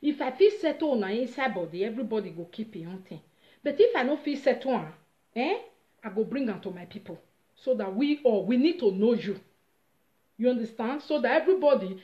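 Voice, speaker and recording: A woman with a Nigerian accent casually retelling a story on her vlog, animated and dramatic. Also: fairly high pitch, a little fast. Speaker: vlogger. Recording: roomy, slightly dull recording.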